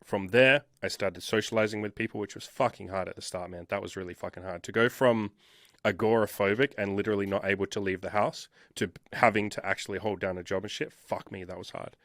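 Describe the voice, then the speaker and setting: A man tells his own story candidly, blunt and emphatic, with frequent swearing. His voice sits somewhat low, and the recording is dry and close. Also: fairly even intonation, a little fast, fairly bright tone, dry recording. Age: 30s. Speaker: interview guest, dating coach.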